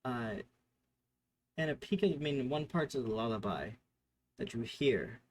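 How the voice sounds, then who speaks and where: Narrating a tabletop session as game master, a man describes scenes off the cuff, with fillers and frequent mid-sentence self-corrections. His mid-range voice is expressive and his pace measured.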